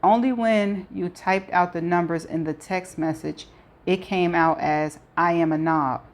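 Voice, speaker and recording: A woman reading a novel aloud, voicing a shaken young woman who talks haltingly and corrects herself. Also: lowish voice, steady tone.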